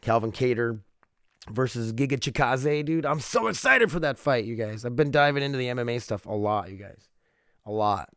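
A man's voice: medium pitch, expressive, moderate pace, fairly bright tone, smooth, no room sound, studio quality. A man hosting a solo podcast, sick and foggy-headed, rambling casually with frequent swearing and laughs. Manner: rambling, profane, laughs often. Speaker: podcast host.

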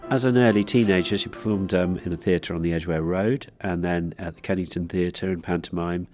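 A man's voice: low-pitched, fairly even intonation, brisk, darkish tone, faint music behind. A man interviewed as a guest who recounts history, hesitant and full of fillers. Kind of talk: interview storytelling.

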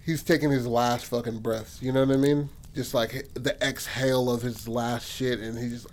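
A man in a middle pitch range, telling a story in a relaxed, rambling way. He swears often and pads his sentences with fillers. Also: moderate pace, slight background noise. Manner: profane, rambling, says "like" and "and shit" a lot. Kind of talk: casual spoken storytelling.

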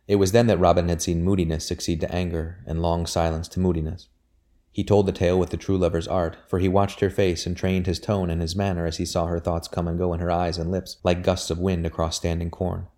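Male audiobook reader, deep and mellow, measured delivery. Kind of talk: audiobook narration of a historical novel.

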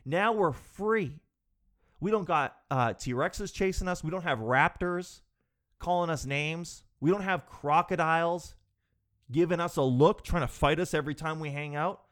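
A man voicing a flock of emus bragging that nobody chases them anymore, in a loose, excited dude-like voice. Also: fairly high pitch, unhurried. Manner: excited, rambling, talking like a dude. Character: emus celebrating freedom after the dinosaurs.

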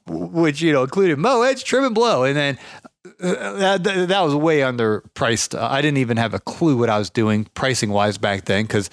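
A man's voice: mid-range voice, no echo, clean studio sound. Rambling man telling a story. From Ohio. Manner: rambling, many restarts and fillers. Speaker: podcast host, lawn care business owner. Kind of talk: casual storytelling.

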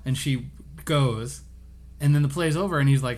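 A man co-hosting a casual podcast, recapping a TV episode and briefly acting out the characters' lines. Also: mid-range voice. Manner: animated, acts out characters' lines in quick asides. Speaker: podcast co-host.

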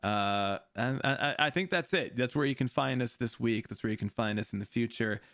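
A man's voice: mid-range voice, fairly quick, a bit bright, no echo, studio quality. A man hosting a podcast in casual chat, rambling loosely, laughing often and swearing. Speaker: podcast host. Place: home streaming setup.

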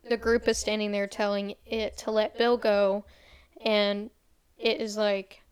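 A young woman with a smooth, medium-pitched voice and flat delivery rattles off a horror movie plot to a friend. She recaps it fast and casually, quoting the characters in a light voice like a storyteller retelling a film.

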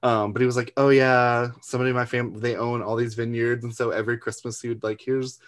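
Guy hosting a podcast, laughing a lot, chatty storyteller, middle pitch. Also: little pitch movement, fast talker. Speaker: podcast host. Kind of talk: casual chat.

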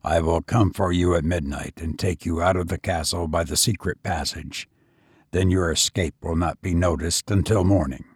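A man reading aloud and voicing a cautious, crafty male castle jailer who speaks in a quiet, measured way. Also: deep voice, fairly even intonation, slightly rough, no echo, clean studio sound, pitched below the performer's own voice.

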